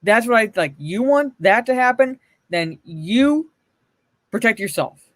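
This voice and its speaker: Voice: medium pitch, expressive, measured pace, fairly bright tone, no echo, studio quality. A livestream host giving blunt, profane, mocking commentary and answering chat messages.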